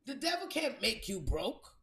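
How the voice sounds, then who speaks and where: A woman with a fairly high voice delivers a motivational monologue, blunt and full of swearing. She drives her points home by repeating phrases, like a preacher. The sound is roomy and echoey. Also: big pitch swings, unhurried, fairly bright tone. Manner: blunt, profane, preachy and emphatic. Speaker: spiritual reader hosting a live stream. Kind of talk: motivational live-stream monologue. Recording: roomy echo.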